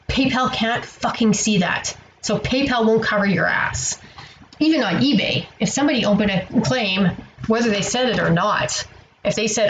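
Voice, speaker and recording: A woman's voice: mid-range voice, moderate pace, slight background noise, rough recording. A woman telling a story to camera in a casual vlog. She sounds tired and exasperated, rambles, and swears freely. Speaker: online seller vlogger.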